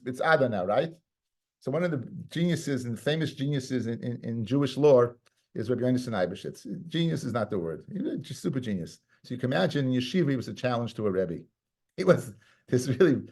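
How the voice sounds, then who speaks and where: A male rabbi talks through a Talmud lesson at a middling pitch. He stays loose and conversational, restarts his phrases, and drops in Hebrew and Aramaic terms. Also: vocal fry, a little mellow.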